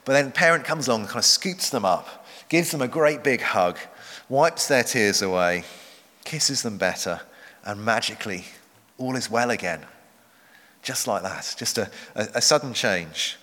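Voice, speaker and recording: Male pastor, sermon delivery, earnest, deliberate pauses, bright tone, long church reverb. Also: medium pitch, animated. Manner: earnest, measured, slows for emphasis. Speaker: preacher.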